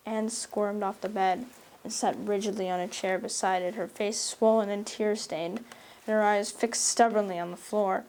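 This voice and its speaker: A woman with a mid-range voice reads a classic novel aloud as an audiobook narrator. Her scripted narration is measured and expressive, in a storytelling style.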